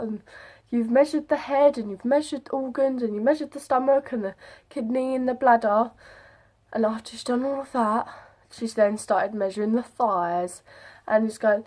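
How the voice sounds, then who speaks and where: A woman's voice: on the high side, normal speed. A young woman, chatting casually to camera as she retells an experience. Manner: chatty, animated retelling with quoted voices. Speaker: vlogger. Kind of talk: casual storytelling vlog.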